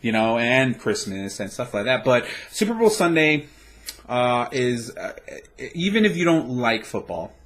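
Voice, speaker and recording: A man's voice: medium pitch, big pitch swings, unhurried, fairly bright tone. Casual male co-host, rambling delivery, swears freely, plenty of restarts and stumbles. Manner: rambling, profane, with many restarts. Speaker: podcast co-host. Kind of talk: casual chat.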